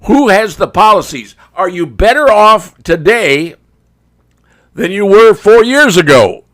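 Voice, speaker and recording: A man's voice: high voice, animated, measured pace, a bit bright. A male talk show host giving a folksy, conversational opinion monologue, speaking straight to his viewers.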